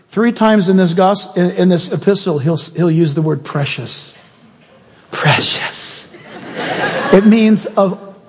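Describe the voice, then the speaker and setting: Male pastor, high husky voice, animated sermon with crowd questions, long hall reverb.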